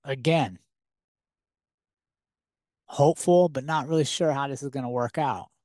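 A man hosting a podcast, telling a personal story in a lively, conversational way full of rhetorical questions. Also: medium pitch, a little fast, no room sound, clean studio sound. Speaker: podcast host. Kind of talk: casual storytelling monologue.

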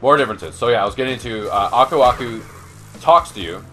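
A man's voice: mid-range voice, expressive, fast talker, pushed and bright, faint music behind. A young man hosting a let's play, rambling in casual gaming chat with many restarts and curses. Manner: rambling, lots of restarts and swearing.

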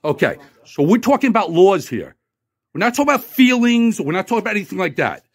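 A man's voice: sits high, big pitch swings, quick pace, husky. A middle-aged man in a post office lobby, filming on his phone and arguing in a combative, insulting, repetitive way. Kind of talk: heated on-the-spot argument.

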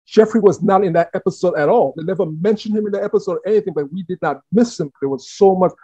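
A man from the Caribbean hosting an interview, animated and talkative, often repeating words as he thinks. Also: high-pitched, quick pace, breathy edge, no room sound. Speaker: host. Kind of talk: casual interview chat. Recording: dull, dry lo-fi sound.

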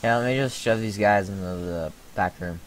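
A man's voice: lowish voice, normal speed, a little hiss or hum. A man hosting a comedic gameplay video, joking around and playacting as a burger clerk to customers. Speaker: channel host.

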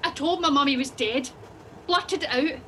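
A woman's voice: high voice, moderate pace, sharp tone, a little hiss or hum. An actress with a Scottish accent playing a flustered, tearful and snappish woman passenger in an audio drama. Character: frazzled woman passenger, nervy and defensive.

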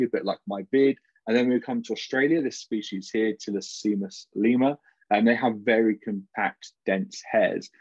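A man's voice: lowish voice, darkish tone, breathy edge, no echo. A young British man, a PhD student, gives an informal and jokey academic talk over a video call. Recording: dull, dry video call audio.

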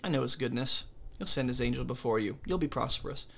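Bright-voiced man teaching a Bible study. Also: medium pitch, fast talker, creaky.

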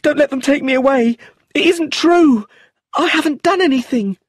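A man reading an audiobook, voicing a frantic young widow who screams and pleads in a high, desperate voice. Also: expressive, moderate pace, breathy edge, no room sound, clean studio sound. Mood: hysterical.

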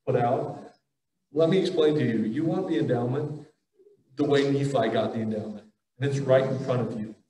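Man, casual joking conference talk, lots of um and restarts, middle pitch, echoey hall, heard from a distance. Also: moderate pace, warm tone. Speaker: conference speaker. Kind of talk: casual religious talk with audience questions. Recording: roomy hall audio, voice heard from afar.

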